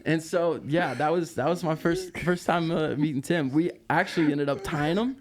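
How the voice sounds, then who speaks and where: A man telling a tour story as a podcast guest, lively and laughing, with lots of fillers. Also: on the high side, normal speed, a crowd in the background. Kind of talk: casual storytelling.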